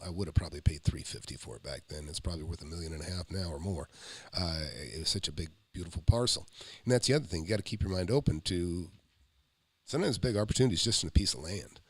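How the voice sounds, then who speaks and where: A man's voice: low-pitched, slightly rough, dry recording. An American man, a real estate investor, rambling through a casual commentary and telling stories. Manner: rambling, storytelling, animated when quoting.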